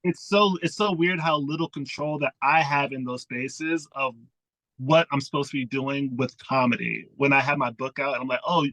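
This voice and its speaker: Bright, chatty male comedian. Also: medium pitch, normal speed, no room sound, rough recording. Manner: chatty, animated, acts out his own thoughts. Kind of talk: casual chat about comedy writing.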